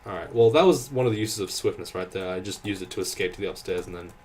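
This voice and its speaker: A man's voice: sits low, fast talker, darkish tone. Sweary man ranting over gameplay. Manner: exasperated, sweary ranting with frequent laughs and restarts. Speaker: gameplay commentator. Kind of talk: casual gameplay commentary. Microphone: desk microphone.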